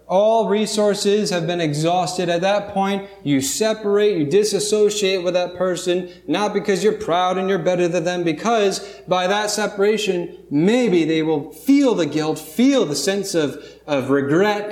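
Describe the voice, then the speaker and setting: A man's voice: high voice, darkish tone, roomy sound. A man preaching a sermon as pastor, earnest and emphatic, mixing stories with scripture.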